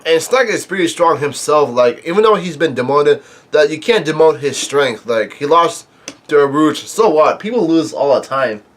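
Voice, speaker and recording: A man's voice: fairly high pitch, animated, normal speed. A man casually recapping and reacting to a comic chapter, rambling with many fillers and restarts and coughing now and then. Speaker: manga reaction host.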